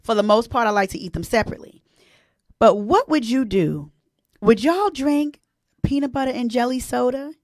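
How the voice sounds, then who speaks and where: A woman's voice: fairly high pitch, lively intonation, normal speed, darkish tone, no room sound, studio quality. Chatty, emotional woman in her forties. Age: 40s. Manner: chatty and emotional, addressing viewers as y'all. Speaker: host. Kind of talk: casual live-stream chat.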